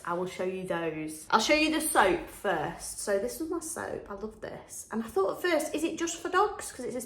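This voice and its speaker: A woman's voice: on the high side, pushed and bright. Chatty woman in an echoey room. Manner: chatty and upbeat, laughs often. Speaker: vlogger. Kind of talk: casual chat to camera. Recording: echoey room with faint music.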